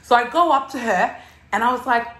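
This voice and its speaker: A woman's voice: on the high side, fairly quick, fairly bright tone. Bubbly woman host, echoey room. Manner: bubbly storyteller, acts out quotes with laughter. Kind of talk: casual chat. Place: house, indoors.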